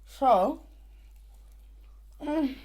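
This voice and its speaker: A woman's voice: high-pitched, animated, drawn-out words, a little mellow. Chatty woman eating on camera. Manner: chatty and playful, talking between bites. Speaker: vlogger. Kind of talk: casual mukbang chat.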